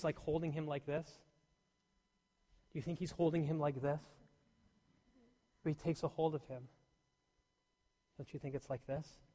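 A male pastor preaching a sermon in a church, swinging between loud emphatic peaks and soft near-whispers. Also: on the high side. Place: church hall. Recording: long hall reverb.

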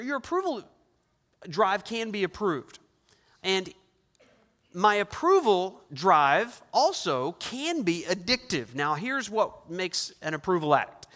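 A man's voice: a little high, bright, forceful tone. A middle-aged man preaching a sermon as pastor, emphatic, building his points with repeated phrases. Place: church sanctuary. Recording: long hall reverb.

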